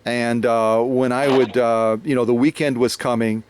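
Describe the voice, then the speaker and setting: A man's voice: mid-range voice, fairly even intonation, normal speed, clean tone. American man, rambling storyteller. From United States. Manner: rambling, many fillers and restarts. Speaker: host, sewing machine restorer. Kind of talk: casual storytelling conversation.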